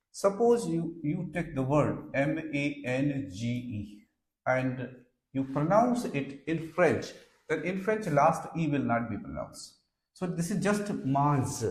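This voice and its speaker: Male language teacher, slightly high voice, very slow and deliberate classroom lecture, echoey room. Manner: slow, deliberate explaining, spelling words letter by letter. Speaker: French teacher.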